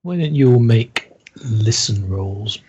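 A man's voice: mid-range voice, expressive, slow pace, darkish tone, breathy edge, lo-fi sound. A man narrating a tabletop horror game as game master, hesitant, with many ums.

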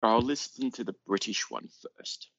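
A man's voice: fairly low pitch, moderate pace, fairly bright tone, no echo, lo-fi sound. A man playing a tabletop game over an online call, matter-of-fact and methodical. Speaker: player.

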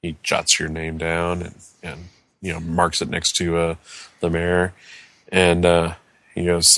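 A man with a deep voice runs a tabletop game as game master. He describes each scene haltingly and stops often to search for the right words. The recording is dry and close. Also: completely flat delivery, a bit bright, no room sound.

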